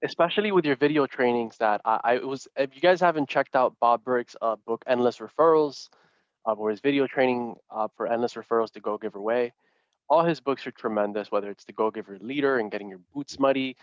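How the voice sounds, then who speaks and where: A man's voice: medium pitch, brisk, no room sound. A man hosting an interview, asking questions hesitantly with repeated words and lots of praise. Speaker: podcast host. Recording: slightly muffled dry audio.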